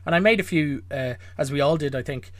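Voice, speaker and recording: A man's voice: on the high side, a little fast, no room sound. A man co-hosting a podcast, rambling and wryly incredulous. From Ireland. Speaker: podcast co-host. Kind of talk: casual chat.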